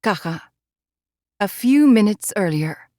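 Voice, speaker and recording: A woman's voice: mid-range voice, animated, takes it slowly, darkish tone, dry recording, studio quality. A woman reading a first-person audiobook chapter in an intimate, emotionally charged way. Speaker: audiobook narrator.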